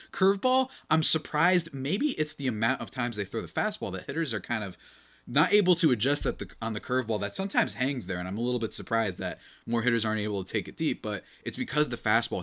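Chatty young man breaking down baseball. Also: mid-range voice. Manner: rambling, animated, self-interrupting. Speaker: podcast host. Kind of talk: casual sports commentary.

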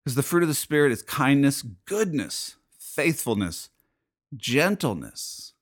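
A man's voice: medium pitch, big pitch swings, measured pace. A man hosting his own show as a pastor, talking in an emphatic, preachy monologue full of rhetorical questions. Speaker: podcast host and pastor. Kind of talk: fired-up spoken monologue.

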